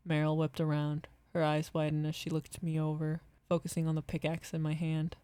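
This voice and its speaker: A woman narrates a horror story in a calm, measured voice. Her voice sits low and mellow, with little rise and fall. The sound is dry and close. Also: no room sound.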